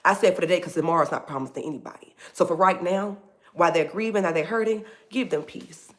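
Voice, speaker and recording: A woman's voice: fairly low pitch, fast talker. A woman hosting a faith talk livestream, preaching casually and animatedly, calling her listeners "baby".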